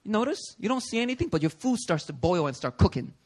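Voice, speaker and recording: A man with a fairly high voice preaches in an easygoing, conversational way. He is animated, keeps checking in with his congregation with little "okay?"s and "right?"s, and slips into other people's voices when he quotes them. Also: fast. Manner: acts out listeners' voices in quotes. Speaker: pastor. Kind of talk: conversational sermon. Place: church sanctuary.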